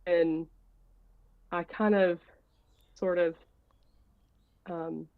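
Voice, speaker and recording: Speaking at a fairly low pitch in a steady tone, a woman draws out her words as she rambles through a personal story on a video call before getting to her question. Fillers and false starts abound, and the dull, lo-fi call audio has no echo and sounds dry.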